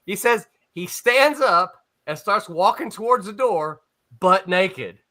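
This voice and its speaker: Crowd noise surrounds this ex-comics editor as he slowly and expressively tells a wandering tale in a high-pitched voice. The panel chat is casual, and he laughs frequently and restarts again and again.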